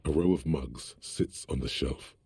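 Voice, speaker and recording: A man voicing the wry, sardonic inner voice of a detective's mind in a video game, with a very deep gravelly voice. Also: measured pace, dark tone, no room sound, full character voice. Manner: dry, sardonic narration.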